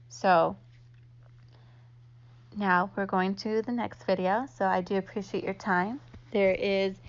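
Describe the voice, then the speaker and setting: A woman giving a casual instructional talk, chatty and full of "like" fillers. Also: mid-range voice. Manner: chatty, heavy use of "like" fillers. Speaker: online instructor. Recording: slightly dull lo-fi audio.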